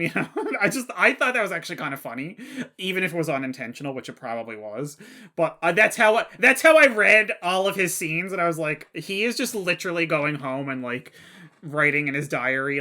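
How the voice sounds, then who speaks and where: A man co-hosting a movie podcast in casual chat, animated and laughing, often acting out other people's voices. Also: fairly high pitch, brisk. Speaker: podcast co-host.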